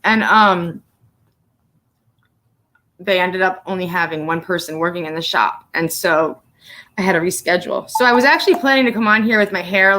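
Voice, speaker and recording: A woman's voice: medium pitch, bright, forceful tone. Profane, blunt woman chatting on a livestream. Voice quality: profane, blunt, laughs often. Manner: emotional, tearful at times. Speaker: livestream host. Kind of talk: casual livestream chat.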